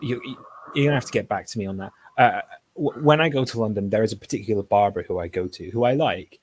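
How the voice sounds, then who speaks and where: A man on a casual online panel chat who talks haltingly, with lots of restarts. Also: on the low side, a little hiss or hum. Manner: hesitant, many restarts.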